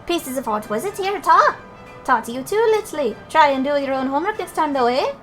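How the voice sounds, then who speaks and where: Cheeky little Welsh fairy lad, put on by a woman, high-voiced and blunt, game sidekick. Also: expressive, a little fast, a bit bright, faint music behind. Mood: coaxing. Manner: chatty, blunt, folksy.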